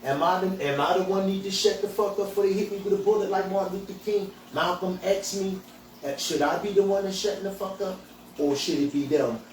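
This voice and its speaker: Fairly fast and pitched high, the man delivers another blunt, swearing rant on his podcast, where he's the host and a hemp dispensary owner. His distant voice echoes around the room over faint ambience and a little hiss or hum.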